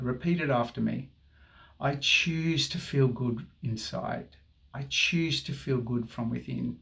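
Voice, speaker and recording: A man's voice: mid-range voice, vocal fry. A man guiding viewers through a tapping session, speaking affirmations for them to repeat. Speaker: tapping guide.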